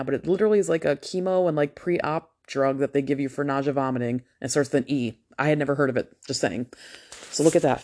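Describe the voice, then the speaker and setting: A woman's voice: low voice, mellow. A nurse of about forty tells her story in a chatty, unfiltered way, swearing freely as she goes. She has just come out of anesthesia after a procedure, and her delivery stays loose and conversational. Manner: candid, profane, chatty. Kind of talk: casual storytelling to camera.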